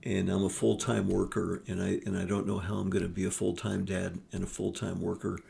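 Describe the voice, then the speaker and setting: A man voicing a grieving young father who speaks quietly and brokenly. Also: deep voice, little pitch movement, a little fast, vocal fry, pitched below the performer's own voice.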